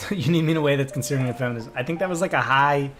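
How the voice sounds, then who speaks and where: A man's voice: medium pitch, rapid-fire, a bit bright, slight background noise. A young man streaming live, chatting loosely with viewers and answering their comments, with lots of fillers and restarts. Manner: rambling, many fillers and restarts. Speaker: livestreamer. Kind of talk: casual livestream chat reading comments.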